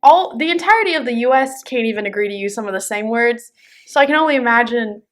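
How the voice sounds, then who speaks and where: A young woman from the American South, co-hosting a casual podcast chat with animated, quick remarks and laughing asides. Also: a little high. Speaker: podcast co-host.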